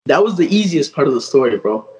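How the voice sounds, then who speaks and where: A man's voice: fairly high pitch, very animated, fast talker, noisy background. A young man in his twenties, a guest artist telling a story in casual, slang-heavy speech full of fillers and quoted dialogue.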